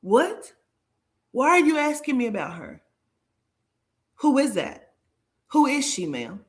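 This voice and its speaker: A woman tells a story in a loose, chatty way, cursing freely and jumping into the voices of everyone in it. Her voice sits a little high for a woman, and she keeps the telling lively and animated. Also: slow pace. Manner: animated, profane, acts out dialogue in shifting voices. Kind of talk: casual storytelling chat.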